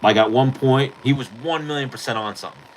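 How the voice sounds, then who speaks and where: A man hosting a podcast, casually retelling a street fight in a profane, animated way. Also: mid-range voice, fast, a little hiss or hum, poor audio. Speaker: podcast host. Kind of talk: casual storytelling.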